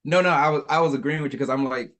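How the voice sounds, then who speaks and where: A man's voice: mid-range voice, rapid-fire, fairly bright tone. A man in casual podcast chat, rambling as he tries to recall details. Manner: rambling, hesitant recall with many "like"s.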